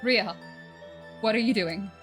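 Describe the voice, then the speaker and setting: A woman's voice: medium pitch, measured pace, close to an everyday voice. A woman voicing an earnest young woman who firmly insists on justice. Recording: game music playing loudly behind.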